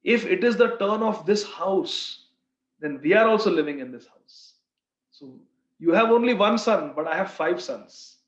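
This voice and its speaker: A man voicing a gentle, confident mother of five sons in a retold scripture story. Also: sits high, lively intonation, measured pace. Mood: reassuring. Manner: soothing, confident. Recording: roomy, slightly dull recording.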